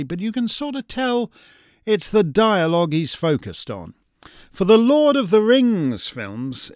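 A man hosting a show, delivering scripted commentary in a wry, expressive way. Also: a little high, no echo, studio quality. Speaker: host.

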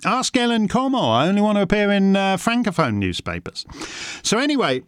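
Host, male, indignant and rambling, swings widely in pitch, dry close sound. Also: big pitch swings, brisk, smooth, dry recording. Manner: rambling and combative, with frequent restarts; reads out listener questions. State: uses a wheelchair. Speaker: host answering member questions. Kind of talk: casual monologue.

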